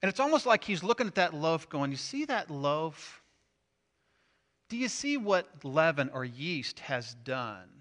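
Middle-aged male pastor, lively sermon delivery, bright forceful tone, slightly high voice, big swings between loud and hushed. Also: measured pace. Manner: animated, swings from loud emphasis to hushed asides.

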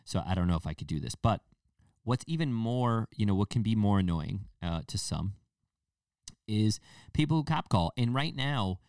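A man's voice: lowish voice, animated, normal speed, darkish tone, clear, resonant tone, no room sound, studio quality, distant mic. A man hosting a casual solo podcast, rambling with restarts and fillers and now and then mocking people in a put-on baby voice. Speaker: podcast host.

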